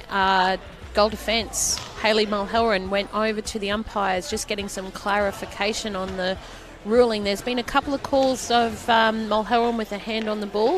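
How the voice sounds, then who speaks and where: Woman giving netball analysis. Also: medium pitch. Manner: analytical, agreeable, laughs easily. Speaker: expert co-commentator, netball coach. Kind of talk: live sports commentary. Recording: noisy court ambience behind.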